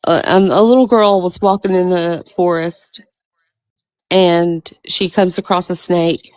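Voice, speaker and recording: A woman's voice: on the low side, fairly even intonation, measured pace, darkish tone, no echo. A woman calling into a talk show, subdued and hesitant, telling a short fable. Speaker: caller. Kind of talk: call-in storytelling.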